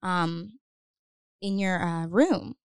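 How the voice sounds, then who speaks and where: A woman's voice: fairly low pitch, gravelly, clear, resonant tone, dry recording, studio quality. A young woman, a podcast guest, telling a personal story in a chatty way full of "like" fillers. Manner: fast, chatty, lots of "like" fillers. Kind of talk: casual storytelling.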